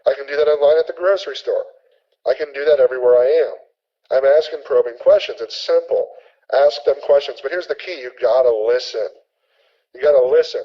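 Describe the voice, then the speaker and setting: A man teaching a sales training webinar, energetic and repetitive, acting out sample conversations. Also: medium pitch, fairly quick, muffled recording.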